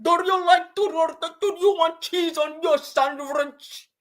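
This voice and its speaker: Woman putting on a shrill polite clerk. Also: steady tone, slow. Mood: mocking. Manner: stiff, overly polite sales questions.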